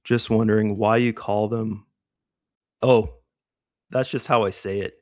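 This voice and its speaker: A man's voice: lowish voice, fairly even intonation, measured pace, darkish tone, no echo, clean studio sound. A middle-aged man hosting a live trading stream, chatty and casual, who keeps checking in with "right?".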